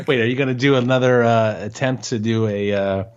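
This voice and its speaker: A man's voice: mid-range voice, moderate pace, clear, resonant tone. A man co-hosting a podcast in casual chat, teasing his partner and making puns. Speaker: podcast co-host. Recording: dull, lo-fi line.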